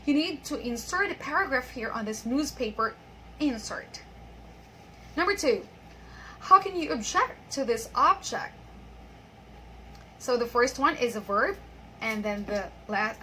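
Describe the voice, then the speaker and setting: A woman teaching an online English pronunciation lesson, patiently reading example sentences and repeating them slowly. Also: a little high, bright, forceful tone, slight background noise, poor audio.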